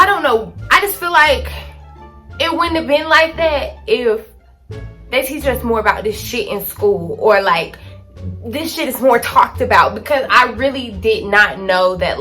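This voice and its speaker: Animated teenage woman telling a story. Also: medium pitch. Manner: dramatic, animated storytelling with slang. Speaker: vlogger. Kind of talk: casual storytime to camera. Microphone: phone camera.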